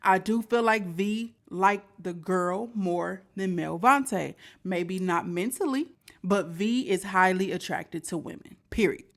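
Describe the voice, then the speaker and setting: A woman's voice: mid-range voice, slow pace. Woman host talking thru a reaction, chatty, asks y'all questions. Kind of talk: casual commentary to viewers.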